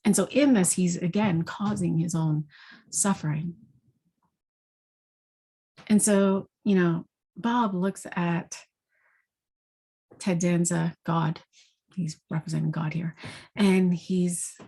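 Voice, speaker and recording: A woman with a husky, slightly breathy voice that sits a little low gives a spiritual talk. She retells a story in an animated way and often adds "you know" and "right?". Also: slow pace, long pauses. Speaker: intuitive energy forecaster.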